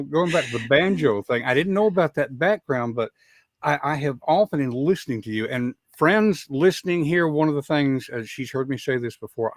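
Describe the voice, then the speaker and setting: A man's voice: on the high side, no room sound, clean studio sound. Southern guy hosting a podcast, chatty and folksy, voice swings up and down a lot. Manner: chatty, folksy, stumbles and repeats words. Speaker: podcast host. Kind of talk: casual interview chat.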